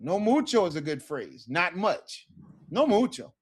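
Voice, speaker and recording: A man's voice: a little high, big pitch swings, unhurried, slightly rough. A man teaching a casual Spanish lesson, talking loosely and checking in with "right?" as he acts out sample phrases.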